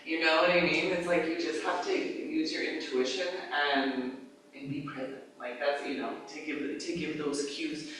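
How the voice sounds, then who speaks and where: Lively woman teaching yoga in an echoey studio. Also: deep voice, normal speed, faint music behind. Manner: casual, lively, acts out cues, laughs often. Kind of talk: live teacher-training class talk. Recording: echoey room, mic far off.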